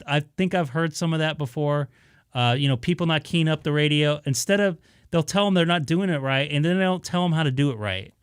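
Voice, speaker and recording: A man's voice: fairly high pitch, a bit bright, clean tone, no room sound, clean studio sound. A man chatting casually to viewers on his amateur radio live stream, rambling with many fillers in an easygoing way. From Southern California.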